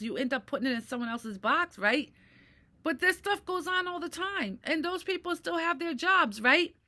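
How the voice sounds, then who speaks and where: The speaker is a middle-aged mental health vlogger in a venting monologue, full of swearing and constant "right?" checks. Her tone is bright and forceful, pitched on the high side.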